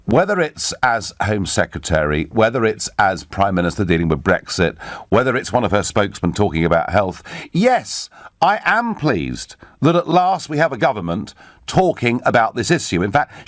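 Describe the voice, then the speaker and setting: Lively, animated male radio phone-in host. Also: mid-range voice, no echo, clean studio sound. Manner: lively, stammers into his points, chuckles. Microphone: studio microphone.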